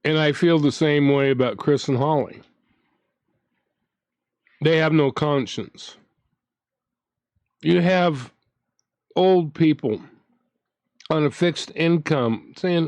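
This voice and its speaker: A man's voice: on the high side, takes it slowly, long pauses, a little mellow, dry recording. A man hosting his own channel, ranting in a casual, indignant way, with frequent restarts as he talks. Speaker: commentary channel host.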